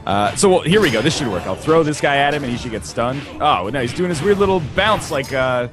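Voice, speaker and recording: A man chatting his way through a video game in a loose, joking ramble, his pitch bouncing up and down as he talks. He sounds mid-pitched and animated, with game music playing behind him. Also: brisk. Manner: rambling, jokey, heavy on "like" fillers. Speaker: let's play co-host. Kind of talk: casual gaming commentary.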